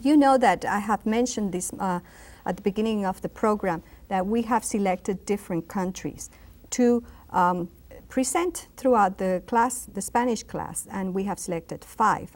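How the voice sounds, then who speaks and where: This is a woman teaching on an educational television program. She speaks at an unhurried, deliberate pace and repeats every example word patiently. Her pitch sits in a middle range. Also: a little mellow. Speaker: Spanish teacher. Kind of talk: televised language lesson.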